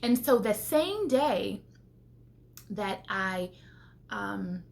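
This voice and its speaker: A woman's voice: medium pitch, very slow, gravelly. A woman vlogger who makes homemaking videos, talking casually to her viewers as she tells a faith-filled story, acting out what she and others said and laughing often. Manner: animated, quoting herself and others, laughing often.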